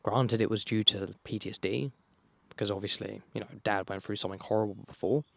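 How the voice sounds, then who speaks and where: A young man tells his own life story casually, rambling and swearing, with many fillers and restarts, his voice going hoarse. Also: lowish voice, fairly even intonation, brisk, no echo. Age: young adult. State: losing his voice. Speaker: vlogger.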